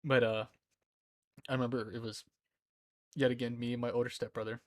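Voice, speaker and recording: A young man in his twenties talks on a live stream, giggly and rambling, at a middling pitch. His voice is close and dry, with little room sound around it. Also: flat delivery, fairly quick, no echo. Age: 20s. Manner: giggly, rambling, often breaks into laughter. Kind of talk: casual chat. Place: indoor room at home.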